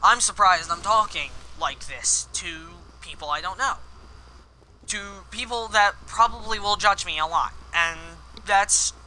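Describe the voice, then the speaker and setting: Sharp-voiced young man streaming a game. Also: high-pitched, measured pace, slight background noise, low-quality recording. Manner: rambling, candid, swears often at the game. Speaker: gaming streamer. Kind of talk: live game commentary with personal confession.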